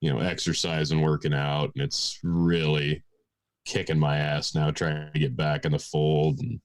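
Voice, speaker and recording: A man's voice: very deep voice, level tone, normal speed. A man co-hosting a casual podcast, trading wry, profane banter and sighing as he talks. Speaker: podcast co-host. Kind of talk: casual chat.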